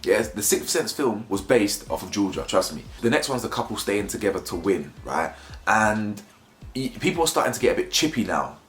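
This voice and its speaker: A man's voice: lowish voice, sing-song, brisk, a bit bright, reverberant, soft background music. A man giving a blunt, mocking, slangy review of a reality show in casual commentary.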